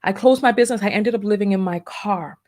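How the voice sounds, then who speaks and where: A woman's voice: medium pitch, fast, a little mellow. A middle-aged woman vlogger talking emotionally about her past business and her book, fighting back tears and repeating herself. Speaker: vlogger and entrepreneur. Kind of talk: emotional personal vlog.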